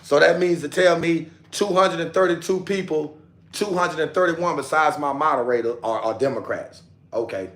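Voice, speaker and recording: A young man hosting a casual livestream, repeating himself as he coaxes and scolds his chat. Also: fairly high pitch. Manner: repetitive, coaxing viewers, talks straight to chat. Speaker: livestream host.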